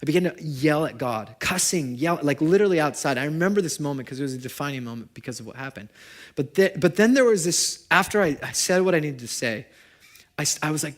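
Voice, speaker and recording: A young adult man preaching a sermon to his congregation in a conversational way, asking them questions and moving between loud and hushed. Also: on the high side, lively intonation, quick pace. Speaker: pastor. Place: church service before a congregation.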